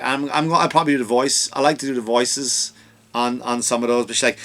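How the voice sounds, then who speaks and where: Man, comedy podcast host, ranting monologue, bright edgy tone, medium pitch, studio mic. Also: fairly quick. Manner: animated ranting, rising to loud mocking outbursts. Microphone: studio microphone.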